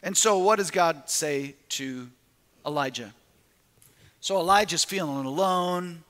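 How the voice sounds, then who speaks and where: A man's voice: fairly high pitch, measured pace, fairly bright tone, big-room sound. A man preaching a sermon as lead pastor, with rising emphasis and rhetorical questions to the congregation.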